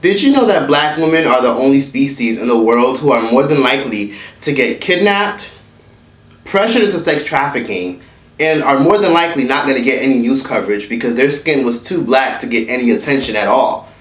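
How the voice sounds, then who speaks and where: A man's voice: mid-range voice, expressive, brisk, a bit bright, distant mic. A man delivers a heated, profanity-laced commentary rant. His tone is blunt and unfiltered. He sits back from the mic, so his voice carries the echo of the room around him. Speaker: online commentator. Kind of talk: ranting commentary vlog. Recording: echoey room, away from the mic.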